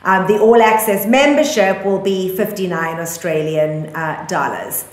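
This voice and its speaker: A woman's voice: fairly low pitch, measured pace, echoey room. A woman with a South African accent co-hosting a casual news podcast, chatty and full of ums, laughing easily. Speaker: podcast co-host.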